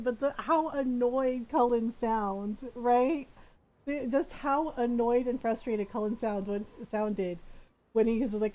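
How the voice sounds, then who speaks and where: A young woman chatting through a video game on stream in a slightly high voice. She giggles often and slips into playful impressions of the characters. Her commentary stays casual and animated.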